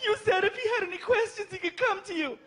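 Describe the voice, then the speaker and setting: A man doing a shrill scolding girlfriend. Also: fast talker, pushed and bright. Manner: high-pitched scolding. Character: shrill angry girlfriend, adult woman. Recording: noisy live show, crowd laughter.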